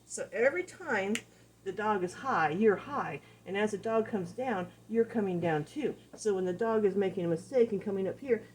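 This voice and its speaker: A woman dog trainer giving a casual lesson, animated and repeating key phrases as she acts out examples. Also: mid-range voice, slight background noise. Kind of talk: casual teaching talk.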